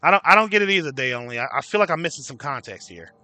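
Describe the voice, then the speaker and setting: A man rants to his livestream chat, swearing casually and calling out viewers by name. His voice sits high and sounds very bright and sharp. The sound is close and dry, with almost no room around it. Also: expressive, very fast, no echo. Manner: swearing freely. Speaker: livestream host.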